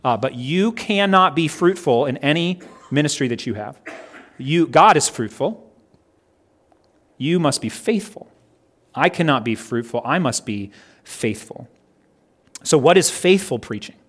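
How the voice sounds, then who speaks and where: A pastor preaching a sermon in an earnest way, slowing down and stressing each item when he reads out a list. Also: on the high side, lively intonation, a bit bright. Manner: earnest, slows down and stresses items in lists.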